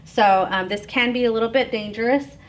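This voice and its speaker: A middle-aged woman from Oklahoma giving an informal lecture on tribal culture, relaxed and chatty, with frequent ums and light laughter. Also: a little high, a little fast. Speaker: educator presenting on tribal culture.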